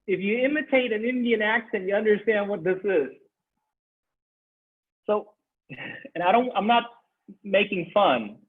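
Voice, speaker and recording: A man teaching a Sanskrit class online, animated, repeating phrases and laughing as he explains. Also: high voice, unhurried, pauses often, husky. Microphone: video call. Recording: tinny video-call audio.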